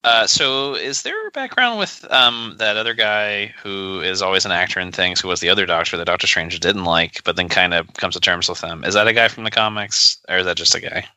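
A low-voiced man speaks fairly quickly, barely pausing, his tone pushed and bright in an echo-free recording. He's co-hosting a podcast, bantering casually with sarcasm and jokes while rambling through many fillers.

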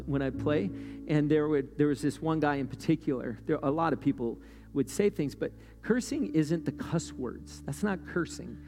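High-voiced man preaching with rising fervor. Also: darkish tone. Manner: conversational preaching, often asks "right?"; pitch and volume climb steeply when worked up. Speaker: pastor. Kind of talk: sermon. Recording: long hall reverb with guitar playing underneath.

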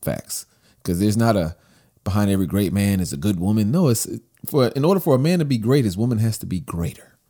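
A man's voice: on the low side, fairly quick. A young man co-hosting a podcast in casual chat, telling stories with animation and acting out what others said. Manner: animated storyteller, acts out quoted lines. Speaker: podcast co-host.

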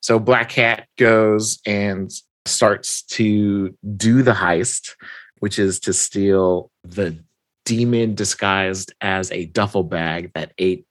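A man's voice: fairly low pitch, fairly even intonation, takes it slowly, no echo. A man in casual chat, animatedly retelling a story and quoting its characters, laughing often. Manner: quotes characters in his own voice, laughs often. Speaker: podcast co-host recapping a story.

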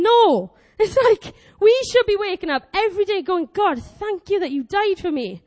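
Young female preacher, twenties, very high voice, animated and exclamatory delivery. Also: moderate pace, few pauses. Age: 20s. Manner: animated, exclamatory, acts out quoted prayers. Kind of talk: lively sermon.

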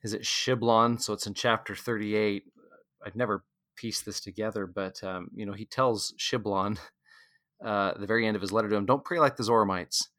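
A man's voice: fairly low pitch, steady tone, normal speed, a bit bright, no echo, studio quality. A man hosting a scripture study podcast, speaking thoughtfully and reading passages aloud.

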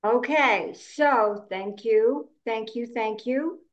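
A woman hosting a podcast as a coach, chatting in an unhurried way. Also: a little high. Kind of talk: casual podcast chat. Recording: dull lo-fi sound.

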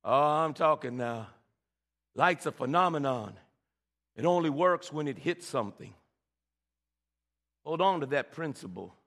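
This pastor's voice sits on the high side, fairly bright, with lively intonation; he preaches at a measured pace and pauses often. Building his sermon, he stammers into repeated words and trades call-and-response with the congregation, his words echoing through the reverberant church hall.

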